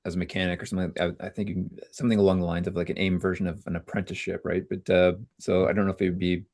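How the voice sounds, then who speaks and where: Rambling male player thinking aloud, very low voice, dry mic. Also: flat delivery, rapid-fire, darkish tone, no echo. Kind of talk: session-zero planning chat.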